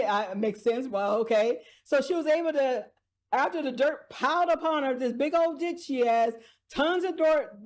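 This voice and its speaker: High-voiced woman rambling through a recap. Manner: chatty, laughs often, restarts sentences. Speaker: drama review vlogger.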